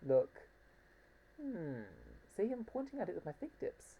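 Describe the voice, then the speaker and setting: A woman's voice: medium pitch, big pitch swings, normal speed, breathy edge, highs cut off. A woman reviewing a plush toy in a casual home video, hesitant and fond, with frequent ums and restarts.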